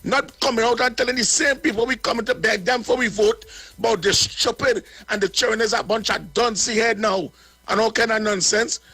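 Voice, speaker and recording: A man with a Trinidadian accent speaks in a very high, bright, ringing voice. He sounds blunt and indignant as he lays out his political complaints. The recording is dry and close, with faint music underneath. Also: steady tone, normal speed, breathy edge, no room sound. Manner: blunt and indignant, repeats words. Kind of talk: political commentary.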